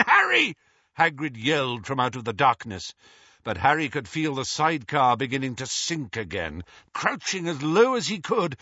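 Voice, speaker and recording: A man narrating an audiobook in a dramatic, expressive reading. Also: a little high, breathy edge, no echo, muffled recording.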